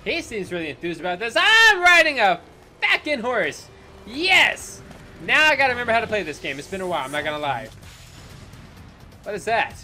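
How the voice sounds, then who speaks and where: A man hosting a gaming channel, giving loud, jokey, swearing commentary while he plays. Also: high voice, very animated, fairly quick, pauses often, faint music behind. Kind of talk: energetic gameplay commentary.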